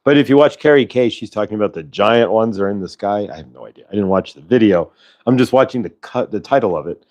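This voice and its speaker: A man's voice: on the low side, lively intonation, fast talker, a little mellow. A man hosting a live-stream show, chatting casually with viewers in a rambling way, full of fillers and restarts. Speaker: host of a live spiritual channeling show. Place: at home in Colorado.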